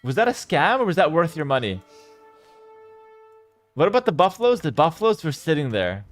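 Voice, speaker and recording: Animated man casting a strategy match. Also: a little fast, faint music behind. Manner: animated, swinging between loud hype and low calm calls. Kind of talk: live esports commentary while reading chat.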